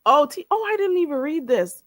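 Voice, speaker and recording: In a high, sing-song voice, a livestream host casually chats with her audience, ribbing them playfully as she teaches phrases. Her demonstrations are slow and drawn out, and the sound is dry and studio quality.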